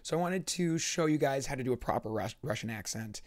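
A man's voice: medium pitch, animated, a little fast, a little mellow. A young man, chatting casually to camera and slipping in dry jokes. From California, United States. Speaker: vlogger.

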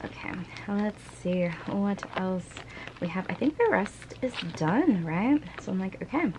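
A woman's voice: mid-range voice, animated, unhurried, background noise. A young woman vlogging casually as she unboxes and sorts her collectibles, gushing and giggling often.

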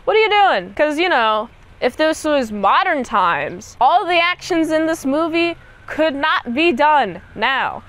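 A woman's voice: high voice, very animated, slow, fairly bright tone. A young woman giving a casual movie recap and review, chatty and slangy, peppered with "like" and "dude".

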